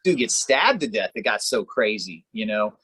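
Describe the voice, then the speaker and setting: A man's voice: lowish voice, sing-song, normal speed, sharp tone, slightly rough, dry recording, rough recording. A man co-hosting a podcast in casual chat, laid-back and rambling, swearing freely and tossing in "man" a lot. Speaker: podcast co-host.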